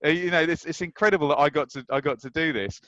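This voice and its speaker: Man in his thirties from England, guest storyteller; acts out his anecdotes, fairly high voice, dry sound. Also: fast, no echo, muffled recording. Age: 30s. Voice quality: lively storyteller who acts out scenes. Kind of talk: anecdotal chat.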